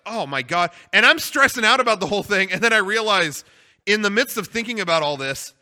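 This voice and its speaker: A man co-hosting a podcast, telling a story in an excitable, laughing and disbelieving way. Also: high-pitched, brisk. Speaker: podcast co-host. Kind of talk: casual storytelling.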